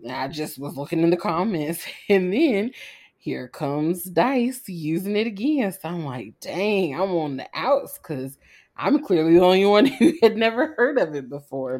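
Woman, low voice, animated, laughs often, casual podcast chat. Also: measured pace. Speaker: podcast co-host.

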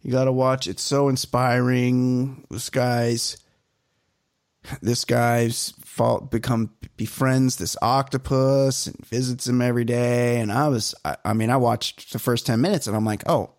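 A man co-hosting a comedy podcast who slides into sarcastic, profane rants. His voice sits at an ordinary middle pitch. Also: fairly even intonation, a little slow, no echo, clean studio sound. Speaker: podcast co-host. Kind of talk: casual comedy chat.

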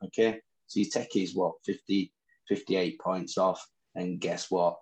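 Man, Northern English accent, very deep, gravelly, boastful teasing co-host. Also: steady tone, a little slow, darkish tone, rough recording. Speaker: podcast co-host. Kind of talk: casual chat about fantasy football.

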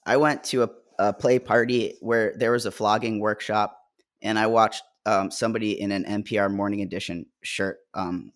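An American co-host on a podcast telling wry anecdotes in casual chat. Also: male voice, on the low side, fairly even intonation, moderate pace.

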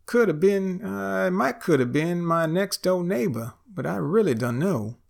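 A man voicing a down-on-his-luck friend with a folksy drawl and a gravelly voice. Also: sits high, expressive, unhurried, pitched above the performer's own voice, exaggerated voice. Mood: resigned.

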